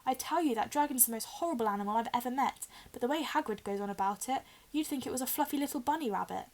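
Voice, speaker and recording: A woman's voice: on the high side, fast talker, darkish tone, voice pushed up, natural voice. A woman voicing an indignant young boy wizard grumbling about a bitten hand.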